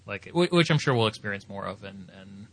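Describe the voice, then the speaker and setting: Bright-voiced male podcast host. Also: lowish voice, animated, brisk. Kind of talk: casual podcast chat.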